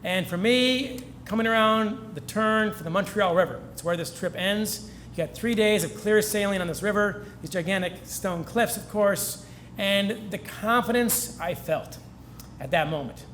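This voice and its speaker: High-pitched man telling earnest stories. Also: normal speed, a bit bright, a little hiss or hum. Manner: earnest storytelling, gets choked up. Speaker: featured speaker. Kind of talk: speech at a celebration. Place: event hall.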